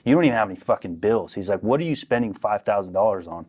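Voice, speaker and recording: A young man telling a story on a podcast in a casual, profane, animated way, acting out what people said. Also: lowish voice, quick pace. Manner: profane, animated, acts out quotes. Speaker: podcast guest.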